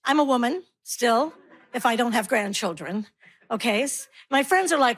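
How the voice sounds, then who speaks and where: A woman's voice: a little high, lively intonation, normal speed, fairly bright tone, slightly rough. A woman, doing a wry, self-mocking stand-up comedy set. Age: 60s. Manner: wry, self-mocking, punchy delivery with put-on voices.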